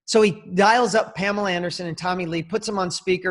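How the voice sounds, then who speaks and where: Brief: male interview guest, high-pitched, animated and emphatic storytelling. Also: fast. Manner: animated, emphatic, swears casually. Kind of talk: casual storytelling.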